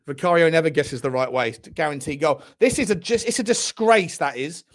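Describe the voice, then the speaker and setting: A man's voice: sits high, a bit bright. A young man hosting a live football watchalong, furiously ranting and swearing at the referee. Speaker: football fan channel host.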